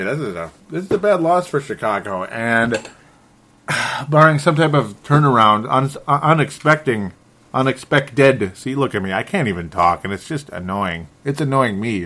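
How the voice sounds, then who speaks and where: The same kind of frustrated, rambling solo sports commentary comes in a mid-range, fairly bright male voice. He keeps correcting himself and lets out chuckles.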